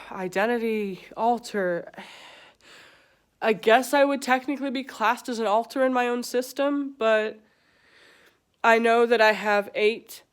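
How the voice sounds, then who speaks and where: A young woman with a British accent talking frankly in a personal vlog, pausing often and searching for words. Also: fairly high pitch, clean tone. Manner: frank, halting, with pauses and fillers. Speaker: vlogger. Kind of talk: candid personal vlog talk.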